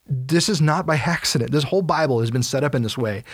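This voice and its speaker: A man talks through Bible passages on a podcast, casual and animated, slipping into the voices of the people he quotes. His voice sits at a middle pitch and sounds close and dry, with little room sound. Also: fast talker, slightly rough, no echo. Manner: animated storytelling, acts out quotes. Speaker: podcast co-host. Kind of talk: casual Bible teaching chat.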